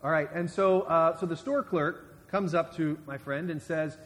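A man's voice: a little high, fairly even intonation, moderate pace, a bit bright. Conversational male preacher in a reverberant church. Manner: conversational, with many restarts and asides. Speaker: guest preacher. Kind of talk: sermon.

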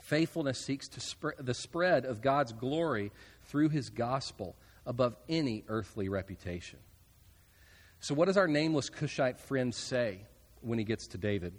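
Lively preaching man in a reverberant hall. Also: mid-range voice, normal speed. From United States. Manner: earnest preaching, dropping soft at phrase ends, casual asides. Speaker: pastor. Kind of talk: sermon.

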